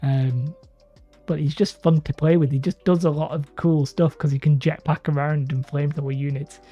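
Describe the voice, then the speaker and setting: A woman with a low, steady, warm voice speaks at a normal pace while hosting a hobby livestream, reading viewer comments, chatting casually, and rambling between laughs. The stream audio is dull and lo-fi, with faint music underneath.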